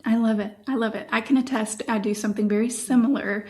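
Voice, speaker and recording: A woman's voice: fairly high pitch, steady tone, fast talker, mellow. A woman hosting a podcast interview, affirming her guest with many short agreements. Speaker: podcast host.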